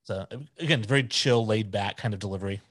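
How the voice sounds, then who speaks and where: A man's voice: lowish voice, brisk, fairly bright tone, breathy edge, no room sound. A man in his forties, a podcast guest chatting casually in an easygoing, opinionated way.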